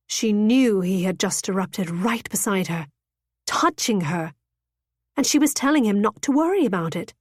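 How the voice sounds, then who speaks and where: A woman's voice: mid-range voice, animated, moderate pace, husky, dry recording, studio quality. Woman narrating a romance audiobook.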